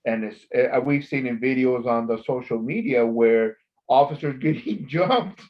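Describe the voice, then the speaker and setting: A man telling blunt, profane stories in a casual podcast chat, growing loud when he quotes himself. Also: mid-range voice, unhurried, muffled recording. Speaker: former corrections officer, co-host.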